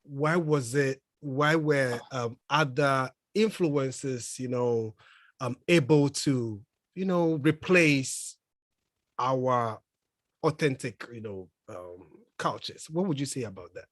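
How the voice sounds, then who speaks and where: Slow, hesitant man interviewing. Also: medium pitch, dry recording. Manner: frequent "mm-hmm" backchannels, slow hesitant questions with many "um"s. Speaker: host interviewer.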